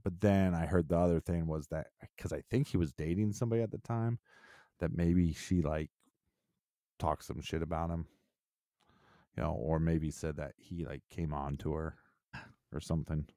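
A man's voice: rumbling low, fairly even intonation, moderate pace, long pauses, dry recording, clean studio sound. A man co-hosting a podcast in casual, crude, joking chat. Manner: crude, joking, bursts into mock yelling. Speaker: podcast co-host.

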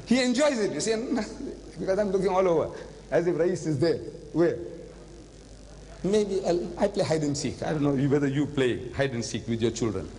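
An older man giving an animated religious lecture, telling stories and slipping in phrases. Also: fairly high pitch, moderate pace. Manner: animated storytelling, switching into Hindi-Urdu phrases. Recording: long hall reverb.

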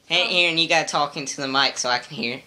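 A young man in goofy home-video banter, teasing his sister and quick to laugh. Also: on the high side, very noisy. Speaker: older brother joking with his sister.

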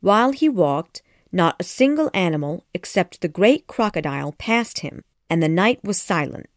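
A woman narrating a children's classic audiobook in a measured, expressive storytelling manner. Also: lowish voice, no echo, studio quality.

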